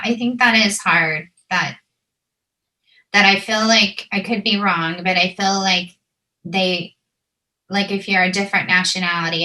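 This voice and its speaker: Bright-voiced woman interviewer, agreeable. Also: lowish voice. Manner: agreeable, frequent backchannel replies. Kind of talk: casual conversational interview.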